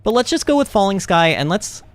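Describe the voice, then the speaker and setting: A man streaming a video game, chatting excitedly and talking back to the game. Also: high-pitched, brisk, no room sound. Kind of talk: gameplay commentary.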